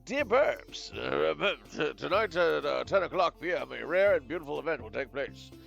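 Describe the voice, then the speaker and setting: Male villager in mock German accent, halting reader, gravelly edge, voiced by a man. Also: on the high side, expressive, fairly bright tone, dull audio, soft background music, voice pushed up, exaggerated voice. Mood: formal inviting. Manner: reads a letter with halting fillers.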